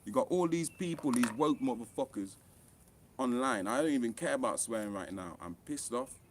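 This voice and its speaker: An author and online commentator rants straight into the camera, heated and impassioned, bluntly swearing as his voice spikes for emphasis. He has a typical mid-range male pitch, lively intonation and a normal pace, with noise in the background.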